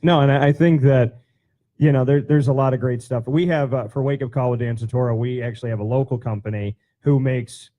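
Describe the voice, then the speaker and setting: A man's voice: mid-range voice, a little fast, muffled recording. A man hosting an interview show, chatting casually and telling long, rambling stories. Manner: chatty, animated storyteller, rambling. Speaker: show host.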